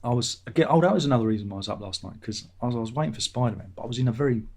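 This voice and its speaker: A man's voice: mid-range voice, expressive, rapid-fire, a little mellow, a little hiss or hum. A man hosting his own vlog, chatting in a meandering way and swearing casually. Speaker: vlogger, channel host. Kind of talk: rambling casual chat.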